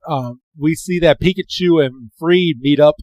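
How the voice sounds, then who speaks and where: Male podcast host, casual cartoon recap, slangy, animated storyteller, slightly high voice, dry close mic. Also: measured pace, no echo. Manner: animated storyteller, acts out quotes, frequent "he's like"; loose and slangy, many "um" fillers.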